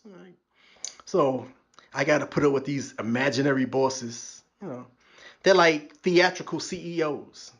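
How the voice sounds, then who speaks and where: A man's voice: high-pitched, lively intonation, measured pace. A man, hosting his podcast as a sarcastic comedic rant and acting out the people he mocks. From New York. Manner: wry, sarcastic, acts out quoted voices. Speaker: podcast host. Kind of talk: stand-up style comedic rant.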